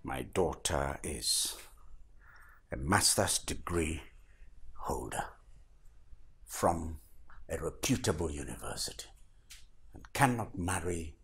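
An actor playing a proud, stern middle-aged father with a Nigerian accent, speaking slowly and scornfully. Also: very deep voice, expressive, gravelly, fairly bright tone, breathy edge, heavily acted. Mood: contemptuous. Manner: slow, measured, scornful pronouncements. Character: stern wealthy father, older man, proud and contemptuous. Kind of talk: Nollywood film acting. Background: film score music.

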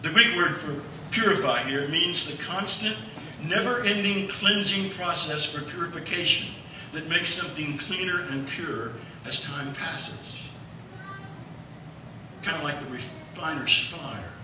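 A male pastor preaching a sermon, telling a family story in a folksy, animated way. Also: on the high side, unhurried, noisy background. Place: church sanctuary. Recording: echoey church hall from far off.

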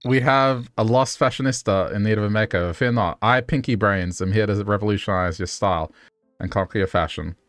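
A man's voice: on the low side, fairly quick, fairly bright tone, faint music behind, natural voice. Synthetic man as pompous mad scientist, grand and theatrical. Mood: haughty.

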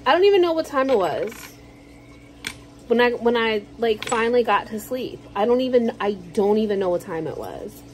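A woman's voice: a little high, expressive, moderate pace, slight background noise, poor audio. A woman vlogger chatting casually to camera at home, telling stories in a slangy, joking way. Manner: chatty, slangy, jokey storytelling.

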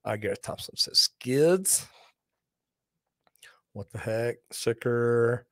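A man running a live plumbing Q&A show spins lively, folksy stories and cracks jokes between viewer comments. His mid-range voice is recorded close and dry with no room sound, and he takes it slowly.

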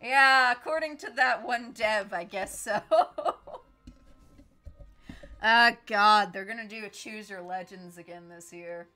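A woman's voice: mid-range voice, takes it slowly, pushed and bright, faint music behind. A young woman chatting casually while streaming a game, giggling often.

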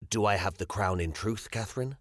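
A man's voice: fairly low pitch, brisk, a bit bright, no echo, clean studio sound. A male audiobook narrator voicing a weary, frustrated medieval king who speaks impatiently. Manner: irritable, scowling, impatient. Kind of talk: audiobook character voice.

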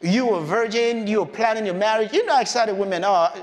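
A man's voice: high voice, animated, brisk. A man preaching a conversational sermon in a church hall. He acts out the voices of Bible characters in his own voice.

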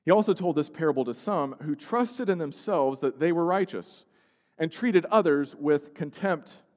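A male pastor delivering a sermon, moving from hushed, slow passages to loud, emphatic outbursts. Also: a little high, lively intonation. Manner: preaching with swings from hushed to emphatic. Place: church sanctuary. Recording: long church-hall reverb.

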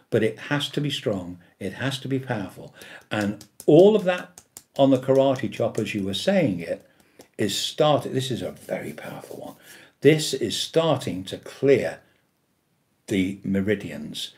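A man leads a tapping lesson in a lively, swooping voice, his pitch rising and falling a great deal. He speaks emphatically, leans hard on the phrases he repeats, and keeps pausing to check that his listeners are following. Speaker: tapping therapy teacher. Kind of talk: instructional demonstration.

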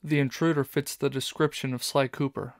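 A man's voice: mid-range voice, steady tone, brisk, creaky, no room sound, studio quality, natural voice. A man voicing a polite male security guard, from a storybook reading.

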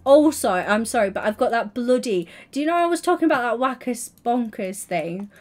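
A woman's voice: a little high, lively intonation, fairly quick, darkish tone. A young woman streaming, chatting casually and teasingly while building in a game. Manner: teasing, giggly, playful.

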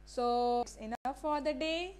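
Slow, high-voiced Indian English woman teacher. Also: a little mellow. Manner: asks the class rhetorical questions and repeats words slowly. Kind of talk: classroom lesson reading a story to young children.

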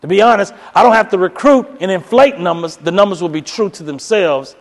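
A man tells a story to a crowd as a keynote speaker, his voice sitting high. He is animated and jumps into others' voices, going up into falsetto for the women. The sound rings with a long echo in a large hall. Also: a little fast. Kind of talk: storytelling speech.

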